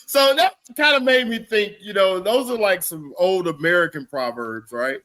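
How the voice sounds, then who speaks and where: A man's voice: high voice, normal speed, bright, forceful tone. A man co-hosting a comedy podcast, chatting casually and reading out jokes between fits of giggles.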